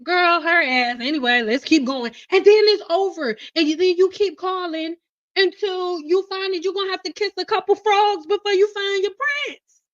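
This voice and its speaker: A woman's voice: very high voice, moderate pace, no room sound. A woman hosting a casual hairstylist livestream, blunt and teasing, laughing often. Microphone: livestream mic. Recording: slightly dull livestream audio.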